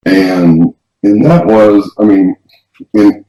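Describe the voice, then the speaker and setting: A man's voice: on the low side, slow, mellow. A man co-hosting a podcast, telling a personal story in a rambling, casual way with frequent restarts. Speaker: podcast co-host. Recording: roomy, dull lo-fi sound.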